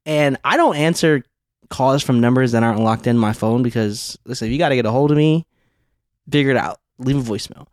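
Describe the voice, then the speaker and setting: Male podcast co-host, mid-pitched, animated storyteller who swears freely, dry close mic. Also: brisk, no echo. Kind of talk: casual chat.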